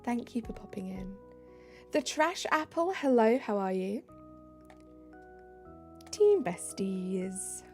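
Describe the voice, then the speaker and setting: A tired British woman chatting casually on a live stream, giggly, reading chat aloud and dropping into soft asides. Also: medium pitch, sing-song, slow, pauses often, faint music behind.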